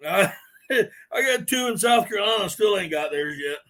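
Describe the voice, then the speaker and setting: A man hosting a casual live stream, laughing helplessly between drawn-out exclamations as he chats with viewers. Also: high-pitched, expressive, a bit bright. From Southern US. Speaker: host.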